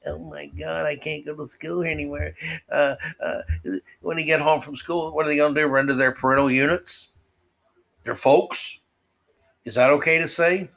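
A man hosting an opinion podcast monologue, sarcastic and mocking, drawing some words out slowly and rushing through quick asides. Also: on the high side, a bit bright. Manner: swings between slow drawl and quick asides. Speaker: podcast host.

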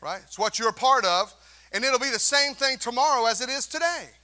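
Male pastor, high bright voice, emphatic call-and-response sermon in a church. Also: expressive, brisk. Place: church sanctuary.

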